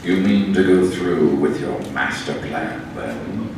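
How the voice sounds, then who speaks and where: Gandalf, a man doing a booming deep old wizard. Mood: solemn. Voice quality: very deep, drawn-out. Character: old mysterious male wizard, dry and unhurried. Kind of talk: live comedic script reading. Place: large convention hall, panel stage. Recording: echoey hall, far mic, loud hum.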